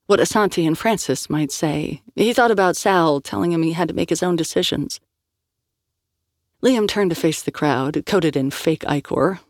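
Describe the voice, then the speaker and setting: A woman narrating a novel in a measured storytelling manner, as an audiobook reader. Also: low voice, a little mellow, dry recording, clean studio sound.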